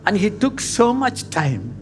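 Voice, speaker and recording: A man with an Indian English accent preaching a sermon, emphatic and dramatic, swinging between loud and hushed. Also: big pitch swings, unhurried. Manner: emphatic, dramatic shifts in pitch and volume. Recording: long hall reverb with faint music.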